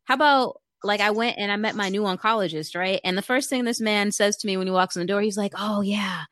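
A woman's voice: medium pitch, fast, a bit bright. A young woman talks in a peppy, bubbly way, breaking into laughter as she chats with her co-host. Her voice sits in an ordinary middle register. The sound is dry, with no room echo. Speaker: podcast co-host. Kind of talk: casual chat.

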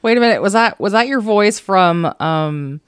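A woman co-hosting a podcast in casual comedic chat, quick to laugh and swearing freely. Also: medium pitch, animated, clean tone, no echo, clean studio sound. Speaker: podcast co-host.

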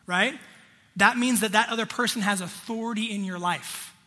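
A man delivers a sermon in a hall with a long, ringing reverb. His voice sits high and bright, with a husky edge. He talks to the congregation in a direct, conversational way. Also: normal speed. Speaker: pastor.

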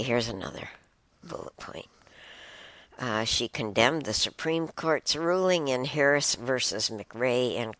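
A woman's voice: extremely low pitch, fairly bright tone, no room sound. A woman hosting a casual solo talk show, rambling and exclaiming with chuckling asides. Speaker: host.

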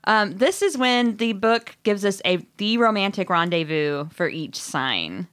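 A woman's voice: mid-range voice, sing-song, unhurried, a bit bright, clean tone. A podcast host from Missouri, a woman chatting casually as she recaps a book, often saying "like" and acting out the lines she quotes.

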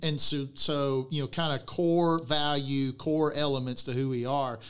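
A man's voice: mid-range voice, fairly even intonation, measured pace, a bit bright, clean tone. A man who plants churches, in a casual podcast conversation, explaining his points at length. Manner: explains steadily in long run-on points.

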